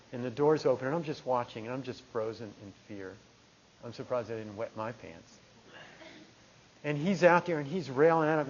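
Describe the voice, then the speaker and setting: A middle-aged man from New Jersey giving a meditation talk, telling a personal story in a lively conversational way. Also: medium pitch. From New Jersey, USA. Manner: conversational, animated storytelling with restarts. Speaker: meditation teacher. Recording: dull lo-fi talk recording.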